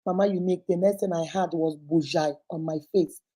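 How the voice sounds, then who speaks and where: A woman's voice: fairly low pitch, fairly even intonation, brisk, mellow. A woman reading a listener's letter aloud on her relationship advice show, telling it dramatically and acting out the voices in it.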